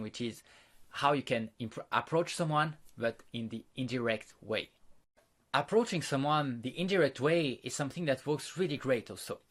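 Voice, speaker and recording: A man teaching social skills, explaining step by step and acting out sample lines, with slightly non-native phrasing. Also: medium pitch. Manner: plain, repetitive, demonstrates lines in quotes. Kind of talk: instructional talk to camera.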